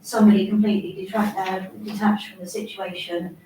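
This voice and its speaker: Flat-voiced Englishwoman in echoey chamber. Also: mid-range voice, brisk. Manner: explanatory, matter-of-fact. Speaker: council member. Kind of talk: council meeting discussion. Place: council meeting room. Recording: echoey chamber, distant mic, background hum.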